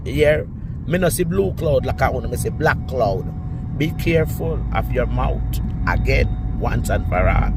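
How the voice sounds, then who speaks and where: A man in his sixties with a Jamaican accent, ranting and scolding in a repetitive vlog monologue, swinging between loud outbursts and low muttering. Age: 60s. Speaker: vlogger. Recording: street traffic noise behind. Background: passing cars.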